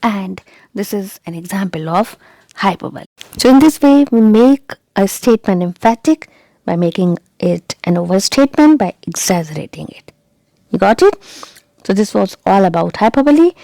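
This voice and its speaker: In a video-channel lesson, a female English teacher keeps going over the key points and checks comprehension with rhetorical questions. Her mid-range voice has lively intonation, a dark tone and some vocal fry. She talks at a normal speed with no room sound.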